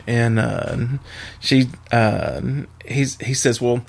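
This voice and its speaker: A man's voice: lowish voice, unhurried, creaky. A man in casual chat, telling a long dirty joke and laughing at his own punchlines. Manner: laughs at his own jokes, animated storytelling.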